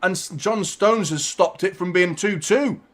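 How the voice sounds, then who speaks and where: A man hosting a live football watchalong, reacting to the match with casual chat, swearing and bursts of shouting at big chances. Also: high voice, unhurried. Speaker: host of a football watchalong stream.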